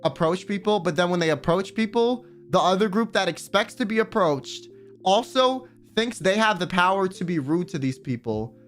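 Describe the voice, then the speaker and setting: A man's voice: sits high, expressive, normal speed, a bit bright, faint music behind. A man streaming live, ranting bluntly and with plenty of profanity while he reads out viewer messages. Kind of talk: casual livestream rant.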